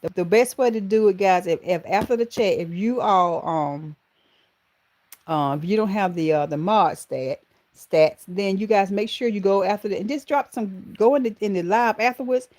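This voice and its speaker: A middle-aged woman with a Southern American accent hosts a live stream, chatting with viewers and calling them honey and baby. Her mid-range voice is a little mellow, and she speaks at a normal speed.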